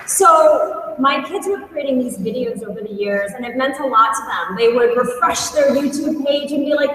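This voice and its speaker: A woman teacher giving a conference talk, telling stories in an earnest, animated way. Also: high voice, normal speed, hardly any pauses, a little hiss or hum. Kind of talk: storytelling presentation. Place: large conference hall. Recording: echoey hall, voice from far off.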